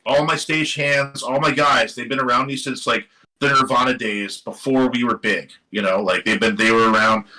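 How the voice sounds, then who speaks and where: A guest musician from the Seattle area tells a story during a casual interview, captured on a live stream microphone with rough audio. His mid-range voice is bright and animated, and he swears at times while quoting others in lively voices.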